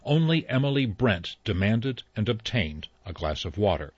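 A male audiobook narrator with a low voice and a lively, expressive line. He tells the story in an even, unhurried way. The recording is dry and close, slightly dull in tone. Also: breathy edge, no echo. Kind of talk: scripted narration.

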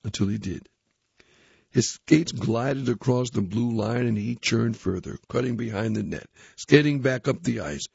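A man reading a youth magazine aloud, articles and a story, in a plain, steady manner. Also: medium pitch, unhurried, creaky, husky, no room sound. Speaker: reader. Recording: dull, dry recording.

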